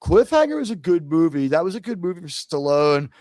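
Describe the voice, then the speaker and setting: A man from the United States hosting a casual live panel chat, animated and jokey, leaning hard on words for effect. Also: fairly high pitch, a little fast, no room sound, clean studio sound. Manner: animated, jokey, theatrical emphasis. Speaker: host.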